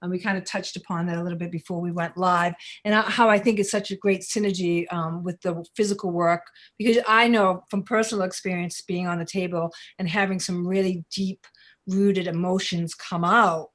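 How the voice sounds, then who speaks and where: A woman's voice: on the low side, steady tone, moderate pace, a bit bright. A woman hosting a podcast, asking questions in a friendly, casual way. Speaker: podcast host.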